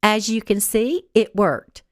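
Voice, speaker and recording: A woman's voice: medium pitch, slow pace, dry recording, studio quality, natural voice. A woman voicing a haughty, spoiled young woman who speaks in a snippy, condescending way. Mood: indignant.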